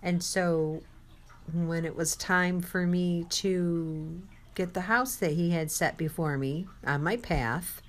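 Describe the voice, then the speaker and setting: A woman's voice: lowish voice, slow pace. A woman giving a sermon-style testimony, telling a personal story with quoted dialogue and speaking to the listener.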